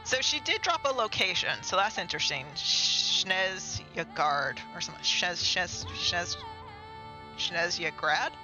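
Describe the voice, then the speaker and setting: A man's voice: high voice, sing-song, measured pace, rough recording. A man streaming a game live, chatting casually and rambling to himself and his chat. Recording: game music clearly behind.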